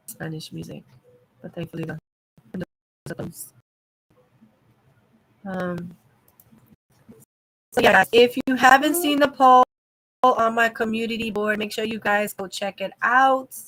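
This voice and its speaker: A woman chatting on a livestream from home, her voice bright and a little high. She tells a story with animated exclamations and quick bursts of laughter. Her tone is casual throughout. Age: adult mother of a young child. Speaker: livestream host.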